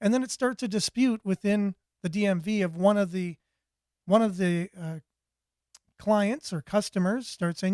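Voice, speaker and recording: Guy hosting a talk show, fairly high voice, dry sound, rambles and restarts a lot. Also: normal speed, a little mellow, no room sound. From Canada. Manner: rambling, repeats words and restarts. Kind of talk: casual commentary, reading viewer comments.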